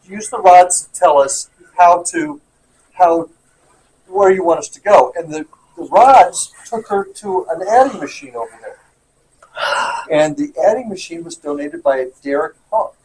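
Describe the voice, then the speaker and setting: A man's voice: a little high, animated, measured pace, a little mellow, poor audio. A man casually explaining an experiment from a ghost hunt and checking facts with the group. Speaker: paranormal investigator.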